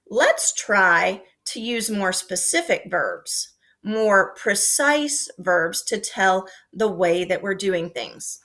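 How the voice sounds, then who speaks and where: A woman teacher giving a recorded lesson to young children, speaking slowly and clearly and acting out her example sentences with lots of expression. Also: mid-range voice, fairly bright tone.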